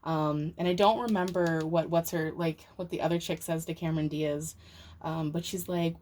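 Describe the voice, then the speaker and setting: A woman's voice: low-pitched, fairly even intonation, moderate pace, a little mellow, a little hiss or hum. A young woman giving a casual, rambling tarot reading to camera. She uses lots of fillers and swears casually. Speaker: tarot reader.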